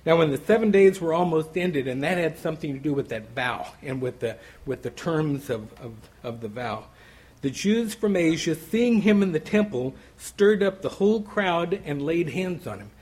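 Husky-voiced man teaching scripture casually. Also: on the high side, expressive, moderate pace, a little mellow, poor audio. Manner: conversational, many "you know" asides; restarts and repeats words while thinking aloud. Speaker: Bible study teacher. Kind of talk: verse-by-verse Bible teaching.

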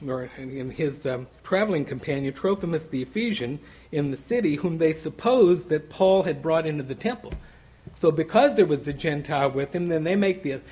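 A man's voice: fairly high pitch, darkish tone, slightly rough, low-quality recording. A man teaching verse by verse through a Bible passage, talking in a loose, conversational way with frequent asides and restarts. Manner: conversational, many "you know" asides; restarts and repeats words while thinking aloud.

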